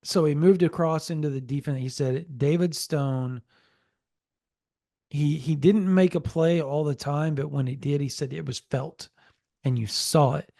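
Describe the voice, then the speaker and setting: A man co-hosting a sports podcast, telling a story in a casual, animated way and relaying a source's quotes. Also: a little high, unhurried, vocal fry, no echo, studio quality. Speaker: podcast co-host.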